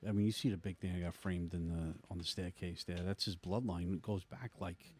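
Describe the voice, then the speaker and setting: A man's voice: low-pitched, steady tone, brisk, darkish tone, slight background noise. A middle-aged man co-hosting a podcast, chatting casually and easily. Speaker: podcast co-host. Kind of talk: casual chat.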